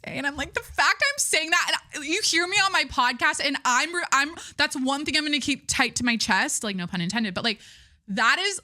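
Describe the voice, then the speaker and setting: Young woman podcaster rambling on, bright tense voice, super dry close mic, swears casually. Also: sits high, lively intonation, normal speed, no room sound. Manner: rambling, chatty, frequent fillers and restarts; gushing, candid, swears casually. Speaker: podcast host. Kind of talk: casual chat.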